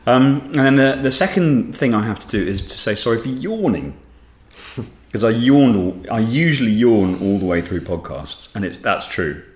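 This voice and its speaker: A man's voice: medium pitch, expressive, normal speed, echoey room. A sleep-deprived man co-hosting a podcast in rambling, self-deprecating casual chat. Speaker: podcast co-host.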